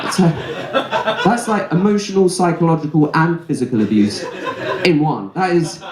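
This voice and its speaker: A man's voice: a little high, big pitch swings, moderate pace, over a noisy crowd. A young man performing a stand-up comedy set in a club, telling stories in a chatty way and tossing in "right?" asides. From England. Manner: conversational storytelling with frequent "right?" asides. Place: comedy club stage before a laughing audience. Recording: roomy club echo.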